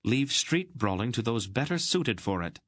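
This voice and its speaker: A man's voice: mid-range voice, sing-song, moderate pace, a bit bright, dry recording, pitched above the performer's own voice. A stern older woman, voiced by a man reading an audiobook, speaks in a clipped, acid tone. She scolds and snaps rather than pleads. The narration is dry, with no room behind it. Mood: scolding. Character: stern, sharp-tongued woman who raised the boy.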